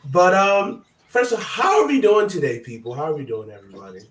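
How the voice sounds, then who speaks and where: A man hosting a casual sports talk stream, his voice hoarse, talking in a loose, hyped-up, chatty way. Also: high-pitched, huge pitch swings, a little fast, fairly bright tone, echoey room, recorded from a distance, a little hiss or hum, rough recording. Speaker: host.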